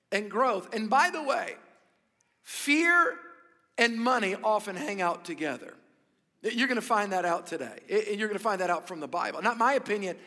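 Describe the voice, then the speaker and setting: A man preaching a sermon to his church, energetic and joking, often repeating words as he restarts a thought. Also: high voice. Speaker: pastor. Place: large church auditorium. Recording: long hall reverb.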